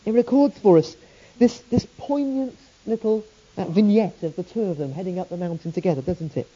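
Husky, very dark-voiced preacher. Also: mid-range voice, fairly quick, muffled recording. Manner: rhetorical questions, earnest storytelling. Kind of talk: sermon.

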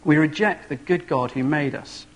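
Animated male preacher. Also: fairly high pitch, normal speed. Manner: animated, vivid storytelling. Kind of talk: sermon with dramatic storytelling.

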